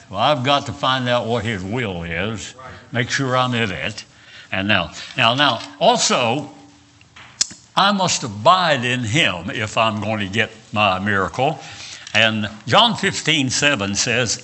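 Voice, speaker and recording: Older male preacher, West Virginian Southern accent, sharp bright voice, folksy storytelling sermon. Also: mid-range voice, lively intonation, measured pace. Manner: folksy storytelling with frequent uh and repeated words. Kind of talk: sermon with personal stories.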